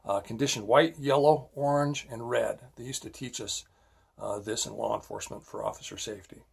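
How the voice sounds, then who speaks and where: Speaking briskly in a mid-range, husky voice with vocal fry, a middle-aged ex-cop delivers a blunt safety lecture full of his own stories. His manner is emphatic and scolding when he drives points home, and he often asks "all right?"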